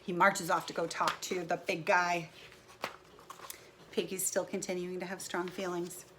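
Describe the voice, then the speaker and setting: Against a noisy background, a woman with a lowish, level voice teaches first graders in a recorded lesson. She speaks a little slowly and narrates cheerfully as she draws.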